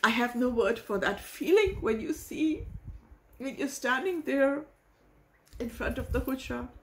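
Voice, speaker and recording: A woman hosting a reaction video, talking in an emotional, halting way and searching for words. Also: high-pitched, animated. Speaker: host reacting to a hymn. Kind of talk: casual reaction vlog.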